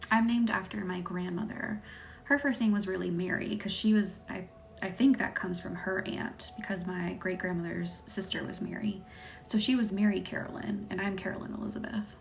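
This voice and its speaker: A woman from the American South with a light Southern accent, hosting a live Reiki stream. She chats with viewers and thanks them by name, and often drops into a soft whisper. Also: mid-range voice, steady tone, moderate pace, vocal fry. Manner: chatty, laughs easily, thanks viewers by name. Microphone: phone or webcam on a live stream.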